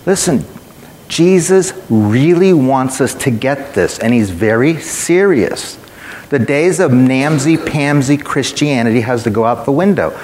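A man's voice: mid-range voice, animated, measured pace, darkish tone, reverberant, long reverb tail, slight background noise. A man preaching a sermon in a church, emphatic and matter-of-fact, telling stories to make his point.

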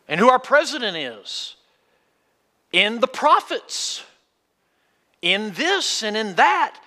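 A man preaching a sermon with a high, bright voice that swings widely in pitch. He talks in a folksy way and keeps asking his listeners questions, and his voice rings out with a long hall reverb. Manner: folksy, asks the congregation questions.

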